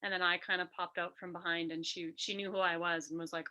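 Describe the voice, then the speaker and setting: A woman guest on an interview, talking through a personal story with lively energy. Her voice sits low but has a bright, forward edge. She often slips into quick re-enactments of what people said. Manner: animated, re-enacts quotes in a lively voice.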